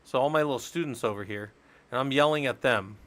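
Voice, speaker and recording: A man's voice: medium pitch, fast talker, fairly bright tone. Chatty man teaching on a live stream. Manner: chatty, explains step by step, jokes with chat. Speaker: live-stream Linux instructor.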